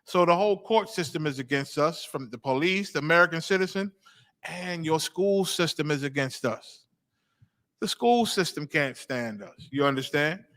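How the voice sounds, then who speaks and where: A man's voice: on the high side, normal speed, a bit bright. A male host giving preaching commentary, emphatic, repeating phrases and checking in with 'you understand?'.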